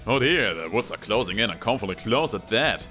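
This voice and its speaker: A man's voice: on the low side, expressive, brisk, pushed and bright, soft background music. A man voicing a flowery, theatrical male master of ceremonies who speaks in grand, old-fashioned, courtly phrases. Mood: mock-worried.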